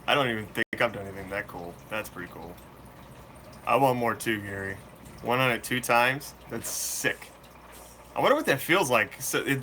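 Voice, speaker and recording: Man, casual live Q&A host, laid-back slangy talk, bright tone. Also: mid-range voice, slight background noise. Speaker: fishkeeping channel host. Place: room full of fish tanks.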